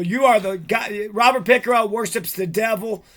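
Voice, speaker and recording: A man's voice: high-pitched, normal speed, few pauses, pushed and bright. A man talking alone to his audience in an agitated, rambling, heavily profane rant. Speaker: vlogger. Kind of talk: monologue to camera.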